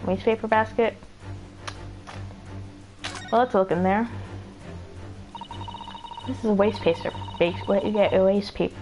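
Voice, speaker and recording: A woman streamer giving casual, joking commentary while she plays, sometimes stumbling over her words. Her voice sits at an ordinary middle pitch. Clear game music plays underneath. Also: a little slow, long pauses, darkish tone, dull audio.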